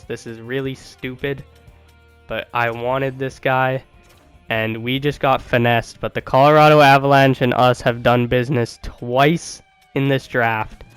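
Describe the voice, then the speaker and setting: A man commenting on a video game in a casual, slangy way, chatting straight to his viewers and getting excited easily. His voice is smooth and clean, though his pitch stays fairly flat. Faint music plays underneath. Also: low-quality recording. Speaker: gaming video host.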